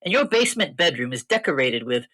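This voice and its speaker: A woman's voice: low voice, very animated, fast talker, fairly bright tone, slightly rough, full character voice. A woman voicing a brash, foul-mouthed dead male film director with a Brooklyn accent in a parody ad skit. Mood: scornful. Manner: boastful, crude, swaggering.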